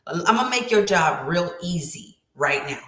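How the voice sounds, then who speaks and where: A woman's voice: fairly low pitch, animated, normal speed, fairly bright tone, echoey room. A woman writing coach giving an emphatic, preachy motivational talk with lots of repetition.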